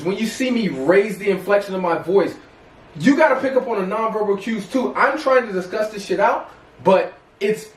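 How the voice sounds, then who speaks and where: A man co-hosting a podcast, arguing his point insistently and talking over the others. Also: sits high. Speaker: podcast co-host. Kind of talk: heated casual debate. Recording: roomy echo, mic at a distance.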